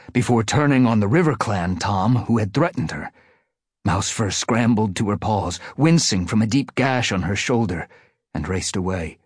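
A man narrating an audiobook, dramatic and hushed in the quiet passages, recorded close on a studio mic. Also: lowish voice, slightly rough, no room sound. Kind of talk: scripted narration.

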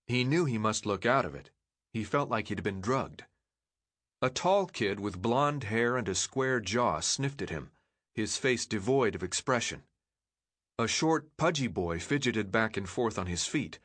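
Male audiobook narrator, lively intonation, dry booth. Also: lowish voice, no room sound. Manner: expressive storytelling.

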